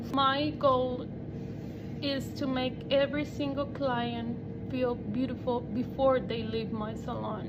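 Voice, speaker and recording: A woman who owns a salon, making an earnest, hesitant personal statement. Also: high voice. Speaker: salon owner. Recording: dull audio with loud traffic noise.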